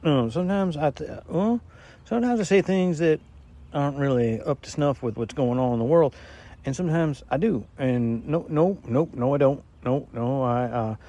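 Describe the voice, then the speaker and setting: A man's voice: on the high side, moderate pace, mellow. A man delivering a rambling, stammering comic monologue as a regular caller, losing his train of thought.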